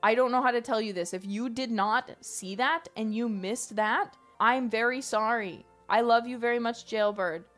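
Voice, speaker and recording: A woman streamer ranting in casual, animated talk, emphatic and swearing freely. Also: a little high, moderate pace, few pauses, faint music behind.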